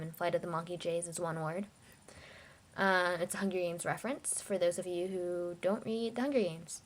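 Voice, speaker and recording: A woman's voice: on the low side, steady tone, moderate pace. A young woman from China, talking casually and reading out a word list for her vlog, hesitant with many fillers.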